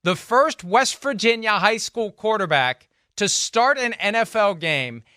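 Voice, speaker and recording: A man with a high, smooth voice reads off spreads and trivia in a wry, deadpan way, slipping in jokes. The sound is crisp and dry, right on the mic. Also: measured pace, no room sound. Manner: wry, deadpan delivery of stats and picks. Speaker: co-host, football reporter. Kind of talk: casual sports chat.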